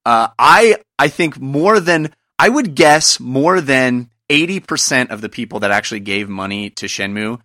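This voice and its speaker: A man's voice: mid-range voice, expressive, moderate pace, hardly any pauses, pushed and bright, no echo, clean studio sound. A man hosting a gaming podcast, talking in an earnest, reflective way as he works through his thoughts in casual chat. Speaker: podcast host.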